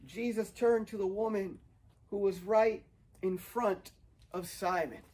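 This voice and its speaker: A man's voice: sits high, slow pace, a little mellow, rough recording. A young man preaching a sermon outdoors, earnest and building to fervent emphasis. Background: dog barking, wind.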